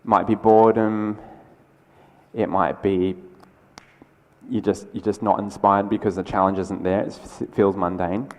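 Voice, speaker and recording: A man giving a conversational, energetic conference keynote, with quick asides and restarts. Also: fairly low pitch. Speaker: keynote speaker. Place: large lecture hall. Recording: lecture hall with long reverb.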